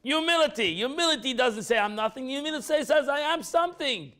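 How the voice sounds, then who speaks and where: High-pitched, animated rabbi teaching a class. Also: male voice, fairly quick. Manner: acts out quoted speech with pitch jumps, repeats phrases.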